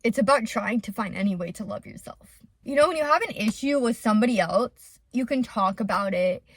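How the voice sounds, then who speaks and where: Young woman, confessional vlog, rambling, lots of "like", mid-pitched, dry close sound. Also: dry recording. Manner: rambling and open, with many "like" fillers. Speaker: vlogger and small business owner.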